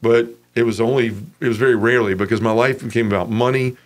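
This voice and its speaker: A man's voice: mid-range voice, fairly even intonation, quick pace. A man in his forties from Memphis, giving a frank, casual personal testimony as an interview guest.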